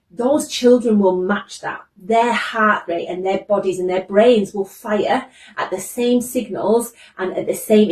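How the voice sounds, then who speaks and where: A woman with a British accent giving a training talk to teachers. She is naturally excitable, talks fast and runs loud. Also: mid-range voice, roomy sound, recorded from a distance. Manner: excitable, fast-talking and loud by own account. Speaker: behaviour trainer.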